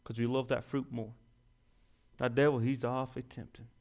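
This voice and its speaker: A man's voice: medium pitch, little pitch movement, moderate pace, darkish tone. A young man preaching a sermon in a folksy, self-deprecating way, rising to emphatic peaks.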